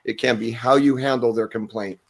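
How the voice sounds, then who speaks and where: A man speaking as an expert on a panel discussion, measured and explanatory, pausing often on "um". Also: mid-range voice, fairly even intonation, vocal fry. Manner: measured, explanatory, with frequent "um" pauses.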